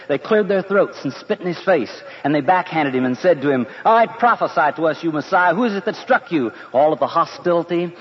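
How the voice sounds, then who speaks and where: Earnest man telling a story. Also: fairly high pitch. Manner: earnest, conversational. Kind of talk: first-person dramatic storytelling. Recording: dull lo-fi with long reverb.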